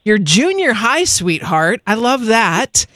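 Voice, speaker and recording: A woman's voice: on the high side, slow pace, no echo. Playful woman radio host, dry studio. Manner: lively, playful and encouraging. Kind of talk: upbeat radio host chat. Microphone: studio microphone.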